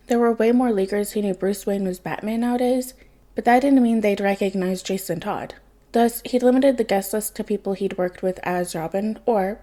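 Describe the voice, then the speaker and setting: A woman reading a fan fiction story aloud as narrator, calm and unhurried. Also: medium pitch. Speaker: podfic reader.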